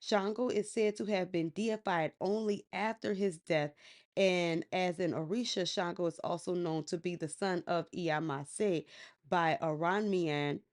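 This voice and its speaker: Lowish-voiced woman podcast host. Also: fairly even intonation, measured pace. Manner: conversational, slangy, retells myths loosely. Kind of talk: casual storytelling lecture.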